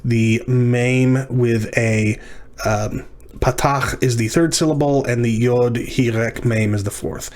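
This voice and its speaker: A man in a recorded lecture talks through practice exercises at an unhurried pace. He thinks aloud, stops to fix small mistakes, and carefully sounds out each word one syllable at a time. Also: medium pitch, steady tone, a little mellow. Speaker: language instructor.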